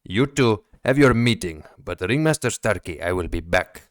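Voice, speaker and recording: A man's voice: lowish voice, expressive, normal speed, natural voice. A man voicing a proud, stern male head of a palace guard who speaks formally and stiffly.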